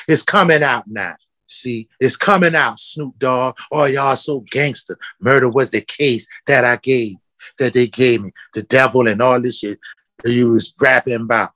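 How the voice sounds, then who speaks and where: A man's voice: mid-range voice, a little slow, pushed and bright, dry recording. A man, a footwear company founder talking with passion in an interview, calling people out with repeated questions. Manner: fiery, preaching, calls people out with repeated questions.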